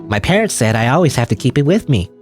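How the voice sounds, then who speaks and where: A man voicing a perky teenage girl who is the hero's childhood friend, with a nasal, breathy voice and a teasing, bossy manner. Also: medium pitch, very animated, quick pace, soft background music, natural voice. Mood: chatty.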